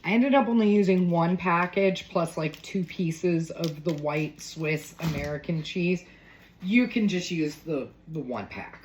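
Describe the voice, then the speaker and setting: A woman's voice: lowish voice, animated, a little slow, a little hiss or hum, poor audio. A woman chatting casually through a cooking demo in her home kitchen, full of joking asides. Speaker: home cook.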